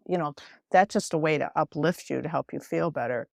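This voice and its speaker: A woman talking as a podcast guest about mindfulness, in a gentle, reflective way with many fillers. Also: deep voice, fairly quick, creaky, dry recording, studio quality. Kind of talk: casual interview talk.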